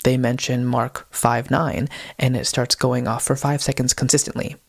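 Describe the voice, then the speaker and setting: Young male co-host, casual rambling storyteller, fry in the voice, dry sound. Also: mid-range voice, level tone, normal speed, no room sound. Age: young adult. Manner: rambling, heavy use of "like" and "um". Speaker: podcast co-host.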